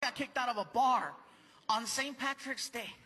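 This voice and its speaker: A man telling a rowdy, animated stand-up comedy story. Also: very high voice, moderate pace, noisy background.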